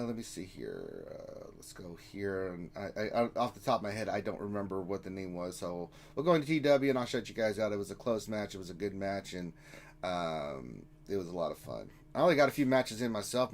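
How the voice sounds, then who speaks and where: A man's voice: lowish voice, big pitch swings, brisk. A man hosting a casual live stream, reading viewer comments aloud with easygoing, jokey banter. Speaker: livestream host.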